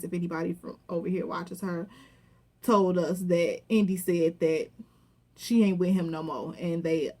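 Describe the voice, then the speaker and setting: Animated woman recapping a reality show. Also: fairly low pitch. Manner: animated, profane, acts out quotes with laughter. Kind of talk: casual recap commentary.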